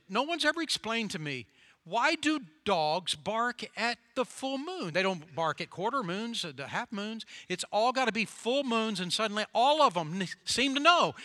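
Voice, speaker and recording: A man's voice: high voice, moderate pace, bright, forceful tone, no echo, clean studio sound. A man preaching a sermon, telling a story and pressing his points with emphatic repeated phrases. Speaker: pastor.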